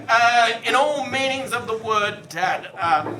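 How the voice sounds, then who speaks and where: A man doing a stand-up routine, animated and swearing freely, with loud outbursts before a live audience. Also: high-pitched, measured pace, hardly any pauses. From Australia. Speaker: stand-up comedian. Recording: echoey live venue from far off. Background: audience laughter and crowd noise.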